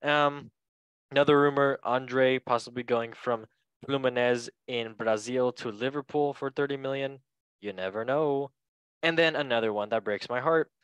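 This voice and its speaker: A man's voice: medium pitch, normal speed, a bit bright, smooth, no room sound, highs cut off. A man hosting a casual football podcast, chatty and joking, correcting himself as he reads through transfer news. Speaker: podcast host.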